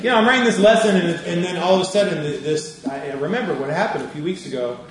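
A man's voice: sits high, quick pace, crowd noise. A male minister giving a sermon as a conversational storyteller who laughs as he tells a personal story. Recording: echoey room from a distance.

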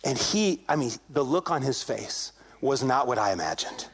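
A man's voice: medium pitch, animated, moderate pace. A male pastor preaching a sermon, telling a story in a conversational way and acting out the quoted dialogue with animation. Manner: conversational, addresses congregation directly.

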